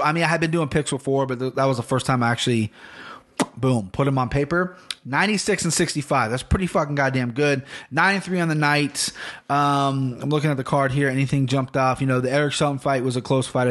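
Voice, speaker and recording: A man's voice: mid-range voice, a bit bright. A middle-aged man hosting a casual solo podcast, rambling and swearing, often restarting his sentences. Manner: rambling, profane, self-interrupting. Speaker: podcast host.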